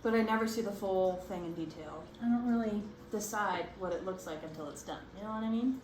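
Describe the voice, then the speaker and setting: A young woman chatting casually while doing a craft project, bubbly and excitable, gasping and squealing as she goes. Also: medium pitch, a little fast. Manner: vocal tics. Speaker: crafting vlogger. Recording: echoey room with faint background noise.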